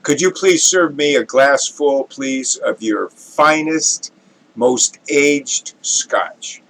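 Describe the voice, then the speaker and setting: A man voicing a refined, snooty scotch connoisseur who drawls his words slowly and haughtily. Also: mid-range voice, a bit bright, pitched above the performer's own voice, full character voice, low-quality recording. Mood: haughty. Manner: slow, drawn-out, haughty.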